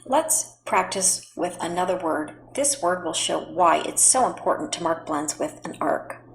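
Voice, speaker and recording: A woman teaching a phonics lesson to children at home, speaking slowly and patiently and spelling words out letter by letter. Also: fairly low pitch, expressive, creaky, slight background noise, poor audio. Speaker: reading teacher.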